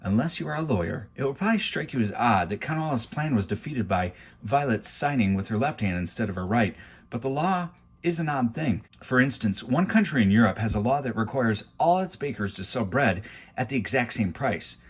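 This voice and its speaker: A man's voice: medium pitch, expressive, brisk, husky. A man reading a children's book aloud at home, with wry, confiding asides to the listener. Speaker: storybook reader. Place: home garage.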